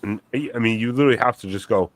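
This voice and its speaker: Blunt profane man, low voice. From United States. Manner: blunt and profane, quick bursts. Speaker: co-host. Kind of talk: casual chat on a livestream.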